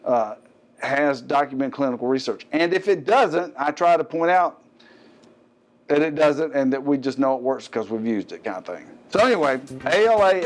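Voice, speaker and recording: A man's voice: mid-range voice, lively intonation, normal speed, soft background music. A middle-aged man with a Southern American accent, hosting a fitness show and chatting casually about a product with joking asides. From Gulf Coast of the US. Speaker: host.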